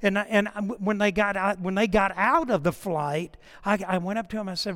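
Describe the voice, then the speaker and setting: A man's voice: sits high, brisk, hardly any pauses, a bit bright, long reverb tail. A middle-aged man preaching a sermon, a pastor who tells a story with energy and acts out prayers and conversations.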